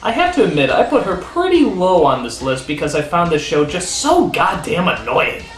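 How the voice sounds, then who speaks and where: A man hosting a comedic countdown review. He is sarcastic and animated, with quick comic asides. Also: high-pitched. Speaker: host and critic. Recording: roomy studio with faint music.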